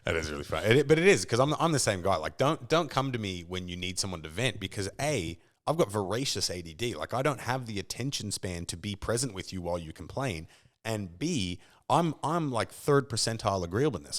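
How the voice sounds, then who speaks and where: An Australian man talking as a podcast guest in casual chat, telling stories animatedly and acting out other people's lines. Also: on the low side. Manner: animated storyteller who acts out quoted voices.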